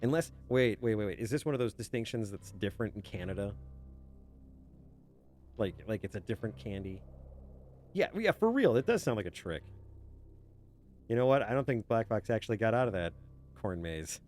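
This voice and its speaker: A young man streams a game and chats casually with his viewers, laughing a lot and drifting into silly asides. His voice is low and darkish, and he talks briskly but pauses often. Faint game music plays behind him.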